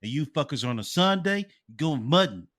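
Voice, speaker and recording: A man co-hosting a podcast, telling stories in a loud, profane, animated way. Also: fairly high pitch, fairly quick. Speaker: podcast co-host. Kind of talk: casual podcast chat.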